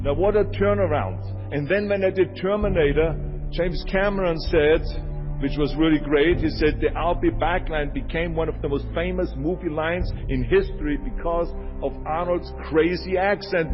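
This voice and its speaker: A man's voice: a little high, normal speed. An older man from Austria with an Austrian German accent gives an emphatic motivational speech and repeats lines for effect. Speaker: motivational speaker. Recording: dull lo-fi speech over music. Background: music bed.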